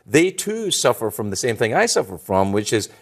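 Middle-aged Scottish man with a lively, wisecracking delivery. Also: medium pitch, normal speed. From Scotland. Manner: animated, wisecracking storyteller. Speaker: guest. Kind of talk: joking talk-show chat.

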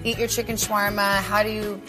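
A woman's voice: medium pitch, little pitch movement, a little fast, over music. A woman hosting a cooking segment, chatting enthusiastically and playfully as she learns to cook in a kitchen. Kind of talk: casual cooking-segment chat. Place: kitchen set.

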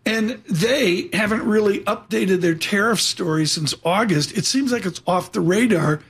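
A man hosting a live financial news show, chatty and jumping quickly between topics. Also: high-pitched, a bit bright, husky. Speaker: radio and TV markets host.

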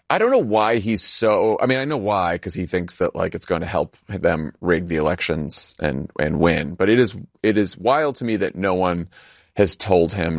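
Man, podcast host, sarcastic, casual chat, lowish voice, dry sound. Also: no room sound. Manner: sarcastic, with many filler ums.

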